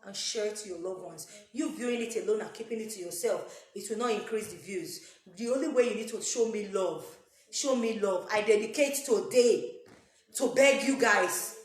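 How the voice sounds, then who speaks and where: A woman's voice: a little high, moderate pace. A woman with a Nigerian accent makes an emphatic, repetitive appeal to her viewers, dropping into pidgin and pouring out prayer-like blessings. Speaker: YouTube content creator. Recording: echoey room.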